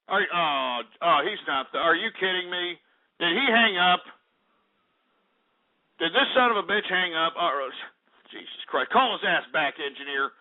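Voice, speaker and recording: A male call-in radio host, ranting in a profane, abrasive way. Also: sits high. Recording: tinny lo-fi radio archive with faint music.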